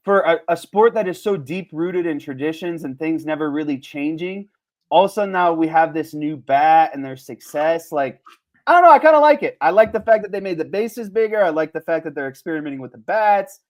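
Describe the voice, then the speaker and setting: A man co-hosting a podcast in casual sports chat, animated and laughing often. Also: on the high side, a little fast. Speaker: podcast co-host.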